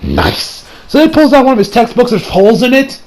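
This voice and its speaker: A man with a notably high-pitched voice talks through an anime episode he just watched. His recap is casual and excitable, full of restarts and casual swearing. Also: fast, low-quality recording. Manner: excitable and rambling, swears freely, restarts sentences.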